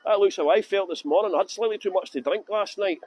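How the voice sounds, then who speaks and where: A man's voice: sits high, quick pace, a little mellow, no echo, soft background music, low-quality recording. A man guiding a live walking tour outdoors through city streets. He chats and jokes with viewers while holding a phone. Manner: chatty, jokey, laughs often, answers viewer comments. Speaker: tour guide. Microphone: handheld phone.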